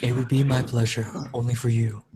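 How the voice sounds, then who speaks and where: A man in a whispered role-play voice, putting on a soft, low, seductive tone for a live debate. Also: flat delivery, fairly quick, background noise, natural voice. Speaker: chat moderator in a debate.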